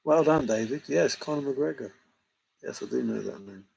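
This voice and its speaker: A man's voice: mid-range voice, expressive, normal speed, vocal fry, darkish tone, husky, poor audio. A middle-aged man hosting a livestream, joking and laughing as he banters with viewers in the chat. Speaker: livestream host answering chat. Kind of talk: casual chat.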